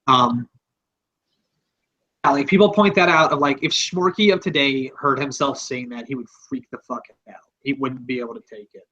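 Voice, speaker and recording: A man's voice: mid-range voice, moderate pace, bright, forceful tone, highs cut off. A man hosting a podcast, talking in a rambling, offhand, casual way and swearing freely. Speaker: podcast host.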